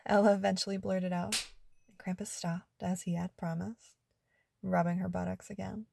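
A woman narrating an adult story in a soft, hushed, intimate reading. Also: fairly low pitch, fairly even intonation, normal speed, vocal fry, noisy background.

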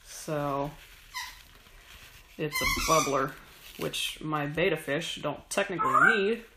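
A woman chatting casually while she cooks at home, rambling and swearing with self-mocking humor. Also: low-pitched. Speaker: home cook. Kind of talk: casual chat while cooking. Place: home kitchen. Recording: kitchen noise with knife chopping.

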